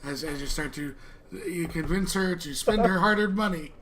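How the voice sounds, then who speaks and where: Halting man narrating a tabletop game. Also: fairly high pitch, a bit bright. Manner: halting, repeats words. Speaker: co-game master.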